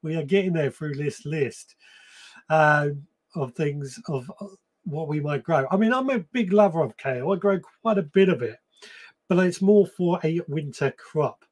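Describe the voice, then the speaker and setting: A man's voice: on the high side, moderate pace. A man hosting a live gardening stream, chatting casually and reading out viewer comments, with frequent ums and restarts. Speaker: podcast host.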